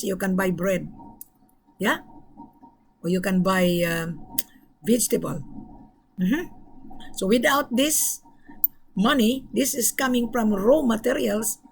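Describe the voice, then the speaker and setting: A woman's voice: mid-range voice, unhurried, gravelly, pauses often, a little hiss or hum, low-quality recording. A middle-aged woman vlogging as a gold trade broker, talking emphatically and repeating points straight to the viewer. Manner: emphatic, repetitive, lectures the viewer directly. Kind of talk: direct-to-camera vlog.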